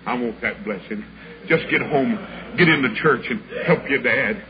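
An older preacher tells a story in a folksy, dramatic way, acting out each person's voice. His voice sits at an ordinary middle pitch. The old recording sounds muffled, with clear hiss behind him. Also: normal speed. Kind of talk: storytelling sermon.

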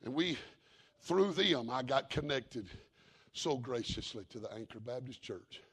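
A middle-aged man preaching a sermon in a folksy, repetitive cadence, moving from quiet storytelling to fervent preaching. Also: medium pitch, lively intonation, a little slow, husky.

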